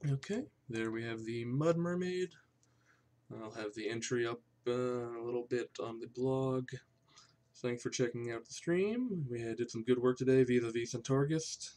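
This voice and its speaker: A man's voice: mid-range voice, darkish tone. A man hosting a livestream, chatting casually and thinking aloud while he draws. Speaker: livestream host and artist.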